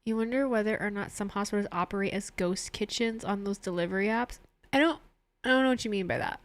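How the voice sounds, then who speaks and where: A woman's voice: medium pitch, expressive, fairly quick, no echo. A young woman live-streaming, chatting casually with viewers and laughing often as she reads out their messages. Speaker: streamer watching a wrestling show.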